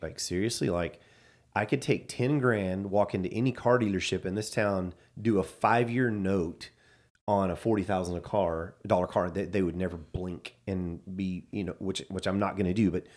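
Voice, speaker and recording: Man, low voice, casual storyteller who acts out quoted dialogue. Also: fairly even intonation, moderate pace, a little mellow.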